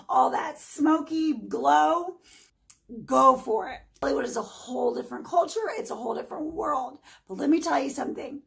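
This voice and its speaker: A woman's voice: sits high, vocal fry, low-quality recording. A woman in her forties ranting on her own vlog, emphatic and sarcastic, speaking straight to her critics. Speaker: vlogger. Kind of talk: heated casual vlog rant.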